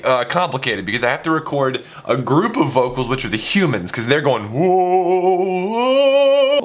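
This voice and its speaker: A man's voice: medium pitch, a bit bright, slight background noise. A young man, a music producer, talking casually through his studio session, chatty and self-mocking, with plenty of fillers.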